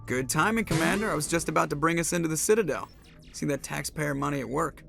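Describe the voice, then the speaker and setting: A man's voice: a little high, fast, vocal fry. An actor playing a sarcastic male starship pilot in a video game, with dry quips. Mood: wry. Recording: game audio under loud music.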